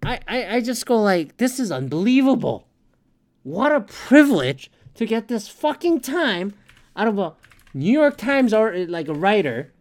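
A woman hosting a solo podcast, ranting angrily and swearing constantly, with sarcastic rhetorical questions. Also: medium pitch. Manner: angry, profane, swearing constantly. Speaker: podcast host.

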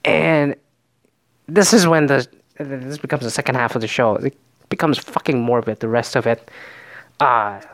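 A man's voice: medium pitch, normal speed, pauses often, no echo. A man casually recapping a reality show, rambling and swearing often, and slipping into voices to mimic the people he quotes.

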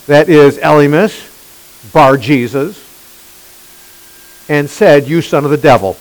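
A male pastor preaches an emphatic, animated sermon, constantly throwing questions at his congregation. His voice is fairly high and moves at a moderate pace, though the audio is poor.

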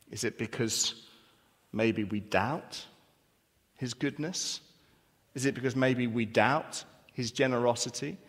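A man's voice: mid-range voice, slightly rough. A man preaching a sermon as pastor, earnest, with rhetorical questions and repetition. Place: church hall. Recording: long church reverb.

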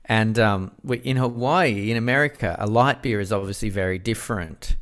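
Podcast co-host: Australian man, lowish voice, laughs through an animated yarn, relaxed chat. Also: normal speed, smooth. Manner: animated anecdote telling, laughs often. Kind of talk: casual chat, storytelling.

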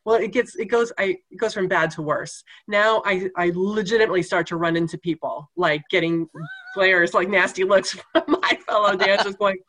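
A woman tells a story in an easygoing back-and-forth, breaking into laughter again and again. Her voice sits at a middle pitch for a woman, neither high nor low. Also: normal speed. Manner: animated, laughing often while telling the story. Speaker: guest telling a story. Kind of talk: casual anecdote in conversation.

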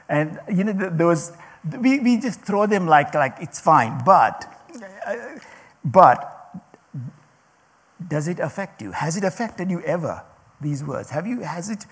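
Husky, gravelly-voiced man preaching casually. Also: a little high, big-room sound. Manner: halting, many restarts and fillers, laughs often. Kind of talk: casual sermon.

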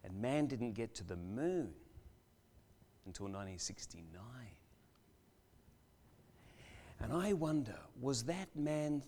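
An older man preaching a sermon as a guest speaker in a church, telling a story with dramatic pauses and swings between loud and hushed delivery. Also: mid-range voice, sing-song.

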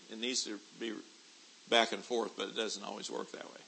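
A middle-aged man preaching a sermon, moving from quiet storytelling to loud, shouted preaching. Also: lowish voice, steady tone, normal speed, gravelly, a little hiss or hum, low-quality recording. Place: church convention hall.

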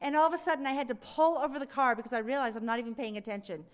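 A woman's voice: high voice, racing. A middle-aged woman preaching a conversational sermon, telling stories and acting out quotes. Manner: conversational preaching, lively storytelling with acted quotes.

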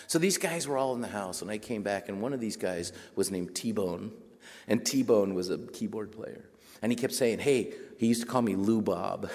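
Brief: lower-voiced man, animated storyteller, long hall reverb. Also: moderate pace. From Mexico border region. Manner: animated storyteller, acts out quotes and laughs. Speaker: writer giving a talk. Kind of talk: storytelling talk to a group.

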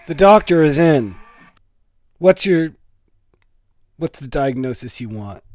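A man's voice: a little high, expressive, takes it slowly, darkish tone, no echo. A man hosting his own comedic podcast, rambling and self-mocking with a sarcastic edge. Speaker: podcast host. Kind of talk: solo comedic podcast monologue.

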